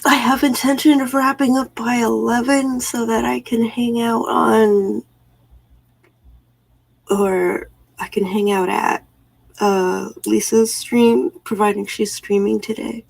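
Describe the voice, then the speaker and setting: A woman's voice: fairly high pitch, steady tone, normal speed, vocal fry, hardly any pauses, no echo, low-quality recording. A woman hosting a casual morning chat stream from home, chatting and answering viewers' messages. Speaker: livestream host.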